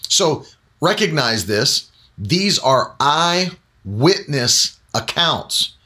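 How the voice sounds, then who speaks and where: A man preaching as a Pentecostal Bible teacher on a broadcast, chatting casually, then slowing down and climbing in pitch to hammer home key points. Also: very animated, pushed and bright. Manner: emphatic, slows down and rises in pitch on key points; conversational with fillers between emphatic stretches.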